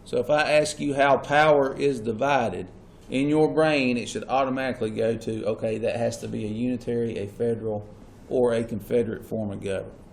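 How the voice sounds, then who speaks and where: A man's voice: mid-range voice, steady tone, fairly quick, creaky, few pauses, slight background noise. A man teaching a classroom lesson. He keeps asking the class questions and repeats the key points. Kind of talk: classroom lecture.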